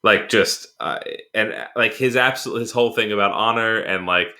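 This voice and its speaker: Bright-toned rambling male podcast host. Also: fairly low pitch, moderate pace. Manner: rambling, many fillers and restarts, laughs while retelling scenes. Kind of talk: casual chat.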